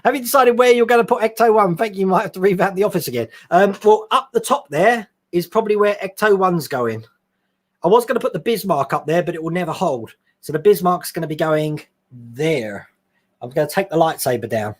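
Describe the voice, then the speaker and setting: A man's voice: sits high, animated, brisk. A man hosting a scale modelling live stream, chatting casually, reading viewer questions aloud and laughing often. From England. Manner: chatty, laughs often, reads out chat questions then answers.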